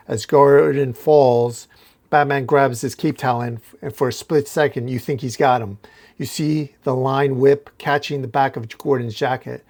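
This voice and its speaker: Brief: male host retelling a comic issue, casual and descriptive, medium-pitched voice. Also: fairly even intonation, moderate pace, darkish tone. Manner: recounts panel by panel, casual restarts. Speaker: comic book recap host.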